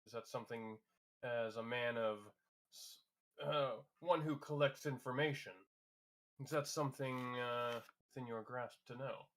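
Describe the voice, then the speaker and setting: A man's voice: mid-range voice, steady tone, a little slow. A man playing a tabletop game, asking polite, formal questions in character over a voice call. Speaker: player. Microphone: home mic on a voice call.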